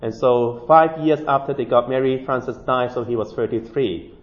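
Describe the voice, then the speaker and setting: A man telling a saint's life story in a sermon, halting often with fillers and restarts. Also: medium pitch. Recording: dull lo-fi recording.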